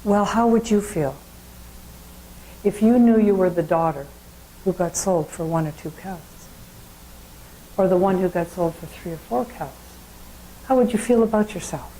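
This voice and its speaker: Calm island trader, quiet and thoughtful, low mellow voice; a woman reads him. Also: normal speed, pauses often, a little hiss or hum, lightly acted, rough recording. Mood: gentle. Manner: quiet, thoughtful, asks gentle questions. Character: calm, gentle island man, wise trader.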